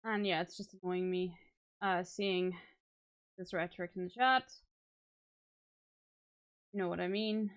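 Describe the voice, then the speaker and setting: A tired woman streamer winding down her stream, talking in a soft, halting way that trails off. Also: on the low side, steady tone, lo-fi sound. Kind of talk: casual chat to stream.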